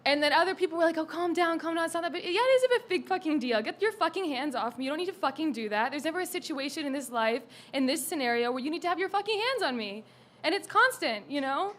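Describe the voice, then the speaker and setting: A young woman speaking her mind at an open mic, rambling and frustrated, swearing and at times flaring up loudly. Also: high-pitched, sing-song, fast talker. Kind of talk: spoken monologue at an open mic.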